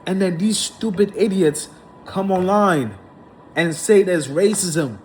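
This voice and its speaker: A man with a notably high-pitched voice holds forth in a heated, indignant monologue. He circles back over the same points again and again, stacking up repetitions as he goes. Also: slow, slight background noise. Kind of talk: ranting monologue to camera.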